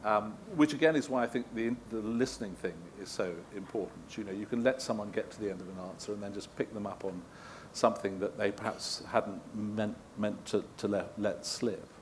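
A man's voice: lowish voice, a little fast, few pauses, a little hiss or hum. A middle-aged man telling anecdotes to a live audience, rambling and self-deprecating with frequent chuckles. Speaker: guest interviewer at a live event. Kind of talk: anecdotal talk answering audience questions.

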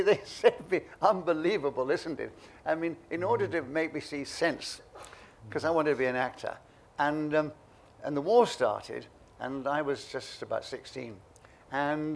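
A man in his eighties from England, a guest telling lively, self-mocking anecdotes in an interview. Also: a little high, creaky. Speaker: guest, memoir author.

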